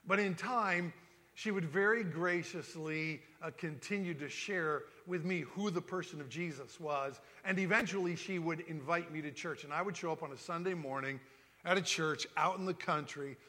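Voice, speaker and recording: Man, fifties, bright forceful voice, folksy storyteller, long hall reverb. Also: a little high, moderate pace. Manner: folksy storytelling, acts out quoted dialogue. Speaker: speaker telling his life story. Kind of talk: personal testimony talk.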